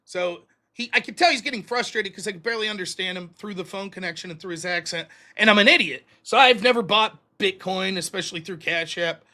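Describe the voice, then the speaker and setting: A man hosting a live stream, telling a story in a casual, animated, profane and self-mocking way. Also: high-pitched, fairly quick. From United States. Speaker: streaming show host.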